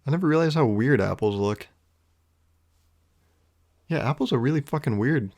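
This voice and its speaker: A man's voice: medium pitch, animated, moderate pace, pauses often, a little mellow. A man hosting his own podcast, musing in a wry, rambling way, swearing casually and chuckling often. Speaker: podcast host. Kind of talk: casual solo podcast monologue.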